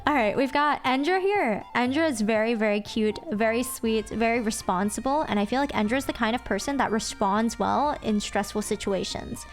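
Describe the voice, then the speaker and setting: A woman with a higher-pitched voice hosts her stream in a relaxed, playful chat. She swears freely and slips into acting out her friends' lines. Soft music plays quietly behind her. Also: fairly quick.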